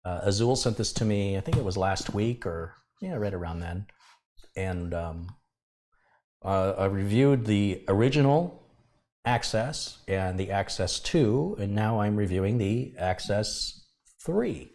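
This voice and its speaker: A man's voice: medium pitch, lively intonation, slow pace, darkish tone. A middle-aged man from the US hosting a live tech review stream, chatting with viewers, greeting them by name and adding wry asides. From United States. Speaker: tech channel host.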